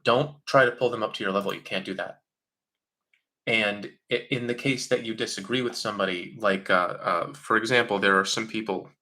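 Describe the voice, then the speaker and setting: A livestream host fields chat questions in a live Q&A, speaking in a fairly low, bright, forceful voice. He's casual and strongly opinionated, frequently mocking others in quotes and using lots of fillers.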